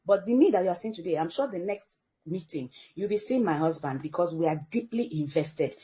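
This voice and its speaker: Middle-aged african-born mom telling a story, lively, acts out every voice she quotes. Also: lowish voice, fairly quick. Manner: animated storyteller who acts out quoted dialogue. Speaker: guest parent. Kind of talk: storytelling in a podcast interview.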